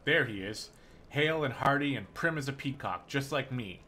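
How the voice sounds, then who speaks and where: A man's voice: mid-range voice, lively intonation, normal speed, pushed and bright, a little hiss or hum, voice pushed up. Man reading as a wary old mongrel chief. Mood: mocking.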